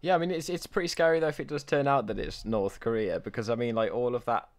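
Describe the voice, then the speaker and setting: A man's voice: mid-range voice, fast. A British man as a guest on a casual podcast, self-deprecating and rambling. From Britain.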